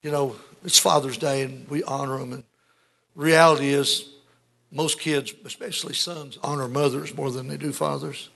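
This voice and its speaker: Older pastor guy preaching, gravelly and husky, gets loud then drops real quiet. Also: fairly even intonation, moderate pace. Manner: emotional preaching, swinging between booming and hushed. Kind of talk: sermon.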